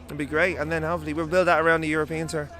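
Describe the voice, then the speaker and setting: Fast-talking Irish man, buzzing after a gig. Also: on the high side, flat delivery, pushed and bright, some chatter behind. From Ireland. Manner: cheeky, swears casually, laughs often. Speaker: musician guest. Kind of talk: casual interview chat. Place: outdoors at a festival.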